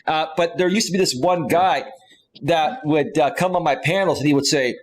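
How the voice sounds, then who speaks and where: A man's voice: fairly high pitch, moderate pace, rough recording. Chatty man hosting a live panel. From California. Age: 40s. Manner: animated, rambling with restarts. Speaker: host. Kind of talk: live stream panel chat.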